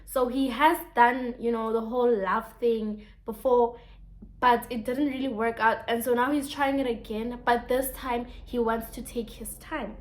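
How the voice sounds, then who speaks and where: A woman's voice: on the high side, steady tone, measured pace. A woman explaining a poem in a casual lesson, reading lines aloud and asking rhetorical questions.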